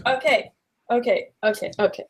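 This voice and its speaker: A woman telling a story in a casual podcast chat, animated and acting out the people she quotes. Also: a little high, moderate pace. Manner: animated retelling with quoted voices.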